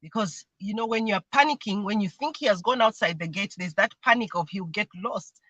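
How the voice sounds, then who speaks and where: A woman's voice: mid-range voice, brisk, fairly bright tone, dry recording, highs cut off. A woman speaking earnestly as a mentee on a livestream, explaining her family routines and sometimes imitating voices when she quotes people. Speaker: mentee sharing her experience. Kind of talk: livestream conversation. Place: remote video call.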